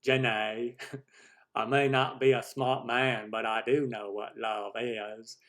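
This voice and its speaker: A man doing an amateur impression of a slow, earnest Southern man with a soft drawl, in a bid for a Southern accent. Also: mid-range voice, level tone. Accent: attempted American Southern.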